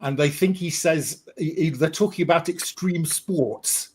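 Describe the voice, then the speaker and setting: A man's voice: on the high side, measured pace, darkish tone, slight background noise. A man with a British accent co-hosting a podcast, chatting in a dry, teasing way. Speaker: podcast co-host. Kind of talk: casual podcast chat.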